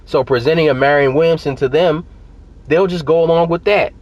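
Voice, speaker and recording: This fairly high-pitched man talks a little fast on muffled audio. As a political vlogger addressing viewers to camera, he's heated and forceful, repeating himself for emphasis.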